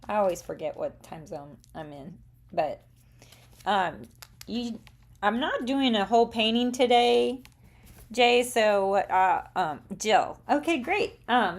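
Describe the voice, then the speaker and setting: A middle-aged woman with a Southern accent and a mid-range voice hosts a live craft demonstration for viewers. She chats casually, rambling a little and saying um frequently.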